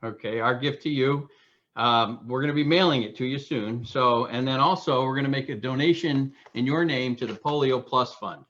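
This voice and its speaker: A man's voice: medium pitch, normal speed, fairly bright tone. A man, the club president, wrapping up a meeting with repetitive, enthusiastic thanks. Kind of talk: formal meeting wrap-up. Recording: dull lo-fi call audio.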